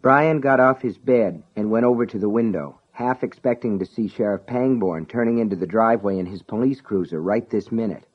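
A man narrating an audiobook in a measured, dramatic way. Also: lowish voice. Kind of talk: scripted narration. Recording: dull lo-fi recording.

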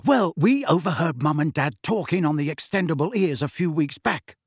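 A man's voice: fairly high pitch, lively intonation, moderate pace, husky, no room sound, clean studio sound. A man voicing a cheeky teenage wizard twin in an audiobook, teasing and mock-serious. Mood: conversational.

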